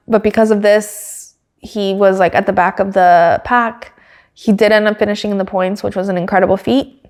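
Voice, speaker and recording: A woman hosting a podcast, recapping a race in a casual, excitable way with lots of filler words. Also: medium pitch. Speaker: podcast host.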